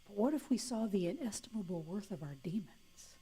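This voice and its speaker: Woman preacher, mid pitch, playful and warm, breaks into laughter. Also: animated, brisk, breathy edge. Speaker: minister. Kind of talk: sermon.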